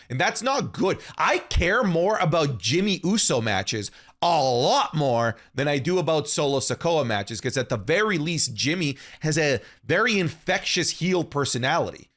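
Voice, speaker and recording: A man's voice: fairly high pitch, big pitch swings, moderate pace, few pauses, fairly bright tone. A man co-hosting a casual podcast, giving rambling, opinionated takes with frequent restarts. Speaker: podcast co-host. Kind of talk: casual wrestling podcast chat.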